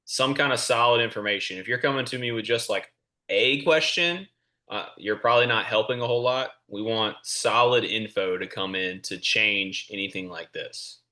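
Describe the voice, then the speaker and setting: Bright-voiced man, clear and measured. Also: on the low side. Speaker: college basketball official, panelist. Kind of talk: explaining calls at a clinic.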